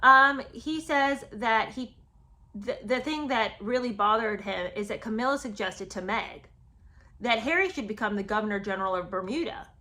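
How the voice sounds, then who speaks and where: A woman's voice: fairly high pitch, moderate pace, bright, forceful tone. A woman giving casual, sarcastic commentary on a book, chatting with lots of ums and restarts. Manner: sarcastic, chatty, many fillers.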